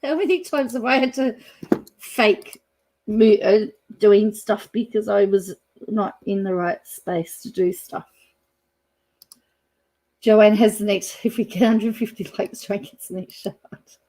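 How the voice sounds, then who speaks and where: A middle-aged Australian woman hosts a casual YouTube live stream, chatting, reading out viewer comments, and thinking aloud with fillers. Her medium-pitched voice is dark, steady, and a little slow.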